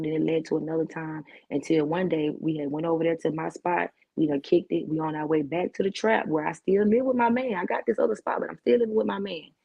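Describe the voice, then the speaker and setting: Talk show guest: low-voiced woman telling her story with punchy slang on a dull lo-fi recording. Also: creaky, husky. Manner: vivid storytelling with street slang and repetition.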